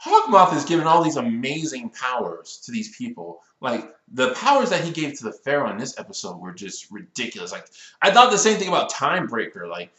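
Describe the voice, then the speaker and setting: A young man in his twenties rants through a cartoon episode review, his voice bright and a little high for a man. His exasperated delivery swings widely in pitch, and the sound carries the echo of a bare room. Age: 20s. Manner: exasperated, animated complaining with rising outbursts. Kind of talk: casual ranting episode review.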